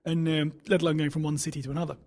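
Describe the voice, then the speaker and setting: A man's voice: a little high, flat delivery, a little mellow. A man from South East London with a neutral English accent, chatting casually as a podcast guest, rambling and restarting often. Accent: neutral English with faint South East London. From South East London, England. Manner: fast, rambling, frequent restarts. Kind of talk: casual conversation.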